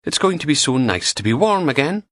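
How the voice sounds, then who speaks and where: A man's voice: a little high, big pitch swings, brisk, fairly bright tone, no echo, clean studio sound, pitched above the performer's own voice. A man voicing a flirty, teasing woman with a Fife accent, chatting with her partner on the phone in an audiobook.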